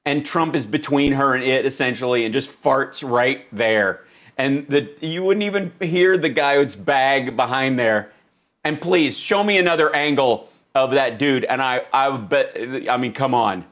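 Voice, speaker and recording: A man's voice: medium pitch, unhurried, a bit bright. A man hosting a live stream, giving comic political commentary in an exclaiming, mock-incredulous way. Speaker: livestream host.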